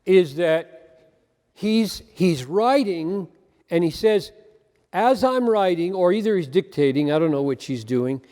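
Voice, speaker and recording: A man with a high-pitched voice preaches an earnest, emphatic sermon, repeating phrases for weight. His words ring out with a long reverb, as from a large hall. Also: darkish tone. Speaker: pastor.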